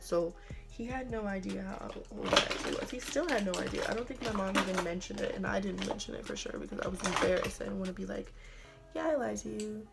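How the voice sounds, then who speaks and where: A young woman tells a story to her camera, chatty and loose, leaning on fillers and now and then slipping into a whisper. Her voice carries plenty of gravelly vocal fry at a middling pitch, and faint music plays underneath. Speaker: vlogger. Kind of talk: casual storytime.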